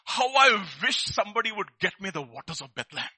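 A man preaching a lively sermon, asking his listeners rhetorical questions and acting out the people in his stories. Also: high-pitched, fast talker, breathy edge.

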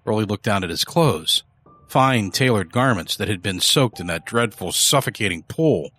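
A man with a low, husky voice narrating a horror story in a measured, dark way. Faint music plays under the narration, and the telling stays steady and scripted.

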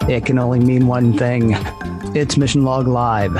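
A man's voice: medium pitch, little pitch movement, a little slow, over music. A man co-hosting a live podcast, jokey and upbeat like an announcer. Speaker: podcast co-host.

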